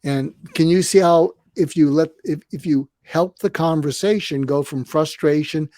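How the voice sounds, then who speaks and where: A man in his seventies, a retired psychiatrist, calmly explaining conflict techniques on a podcast and acting out example dialogues. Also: fairly high pitch, moderate pace, dry recording, clean studio sound. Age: 70s. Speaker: guest psychiatrist and coach. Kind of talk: conversational advice on a podcast.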